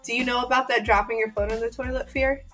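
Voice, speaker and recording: Woman, podcast co-host, casual chat, giggly, higher pitch, faint music. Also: steady tone, quick pace, fairly bright tone. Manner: giggly, eager listener.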